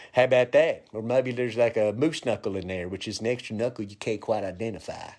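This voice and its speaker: A man's voice: fairly low pitch, darkish tone. Male comic on a live stream; rambling, raunchy, offhand chat. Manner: bawdy, joking, loose and chatty with many fillers; slips into quick funny voices for quoted people. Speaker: comedian hosting a live stream.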